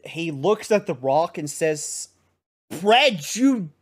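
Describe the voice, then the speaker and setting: A man's voice: a little high, takes it slowly. A man narrating as game master in a tabletop game, talking casually.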